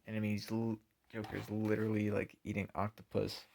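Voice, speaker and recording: Male comic reviewer, lowish pitch, casual and halting. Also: completely flat delivery, vocal fry, fairly bright tone. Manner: hesitant, many ums and uhs.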